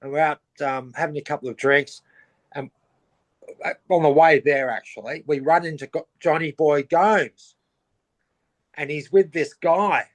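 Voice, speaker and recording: Australian man, middle-aged, slightly high voice, casual storytelling, animated, mimics voices in anecdotes. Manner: animated, acts out quoted voices in his anecdotes. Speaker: podcast guest.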